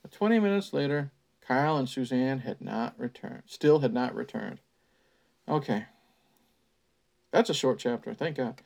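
A man's voice: mid-range voice, expressive, moderate pace, gravelly, pauses often, darkish tone. Sarcastic man reading a story aloud. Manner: sarcastic asides, sighing, swearing. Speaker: podcast host reading a book aloud.

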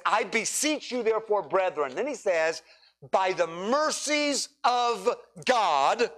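A man preaching a sermon, leading his congregation through scripture with dramatic pauses and emphatic repetition. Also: high voice. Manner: preaching with dramatic pauses, rising to near shouts. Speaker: pastor.

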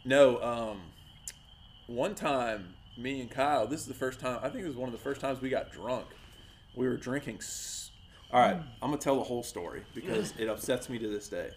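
A man's voice: mid-range voice, moderate pace, slight background noise. A man in casual podcast chat, telling stories animatedly and acting out the voices and sounds of the people in them.

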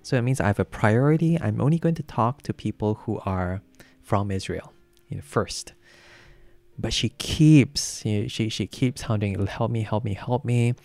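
A man delivers a sermon in an easygoing, storytelling manner, full of fillers and restarts. His voice sits on the low side. The recording is dry and close, with no room echo. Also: moderate pace, creaky, darkish tone. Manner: conversational, anecdotal preaching with many fillers. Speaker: preacher.

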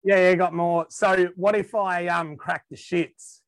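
This is a relaxed Australian man who talks slowly and unhurriedly, his voice sitting a little high for a man. He chats casually as a podcast guest, laughs easily and often trails off to restart his sentences. The recording is dry and close, with no room sound around him. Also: no room sound. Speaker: guest musician.

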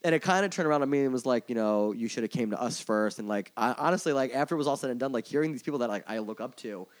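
Fast-talking man telling a rambling story. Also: mid-range voice, animated. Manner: rambling, peppered with "like" and swearing; candid, openly emotional. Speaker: tour manager and merch coordinator guest. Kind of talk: casual podcast storytelling.

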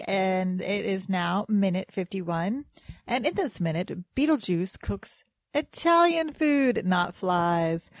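A woman's voice: medium pitch, dry recording. A woman hosting a casual movie podcast, chatty and laughing often as she recaps scenes. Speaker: podcast host.

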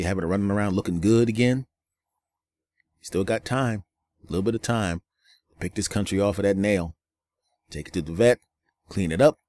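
A podcast host rants alone on his show, sounding weary and angry, with a lot of profanity and repetition. His voice is low-pitched and a little mellow.

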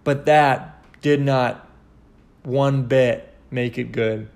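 A man's voice: medium pitch, fairly even intonation, extremely slow, a little mellow. A young man hosting a casual solo podcast, rambling and cursing with many restarts as he rants animatedly. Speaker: podcast host.

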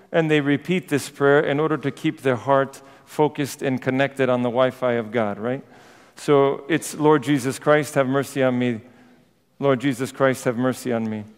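Priest preaching, smooth voice, long reverb. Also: male voice, mid-range voice. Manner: conversational storytelling with humorous asides. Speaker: Orthodox priest. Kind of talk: sermon.

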